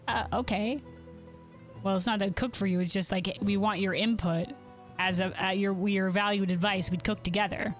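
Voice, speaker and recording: A woman's voice: mid-range voice, fairly even intonation, moderate pace, faint music behind. A woman streamer chatting casually over her gameplay, giggly and self-deprecating.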